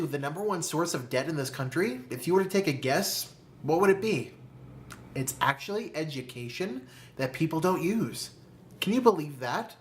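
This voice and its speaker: A host giving a motivational talk to camera about money, calling the listener "my friend" and asking rhetorical questions. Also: medium pitch. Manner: slow, deliberate emphasis on key phrases. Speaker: personal finance video host.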